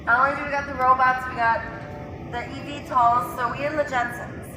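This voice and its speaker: A woman's voice: high-pitched, level tone, brisk, echoey room, noisy background. A woman giving a playful motivational monologue, exuberant and often breaking into sing-song chanting. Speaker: self-styled healer and vlogger.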